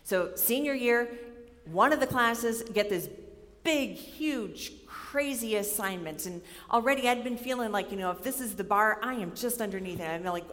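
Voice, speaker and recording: Young woman, animated sermon storyteller, mid pitch, long reverb from a large hall. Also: normal speed. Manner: animated storyteller, acts out her own worried voice. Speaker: speaker giving a chapel talk.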